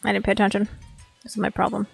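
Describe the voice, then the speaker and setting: A woman's voice: mid-range voice, completely flat delivery, rapid-fire, gravelly, slightly rough, soft background music. A woman VTuber streamer talking casually while she works, rambling, swearing freely and filling her speech with "like". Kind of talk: casual live-stream chat. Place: home streaming setup.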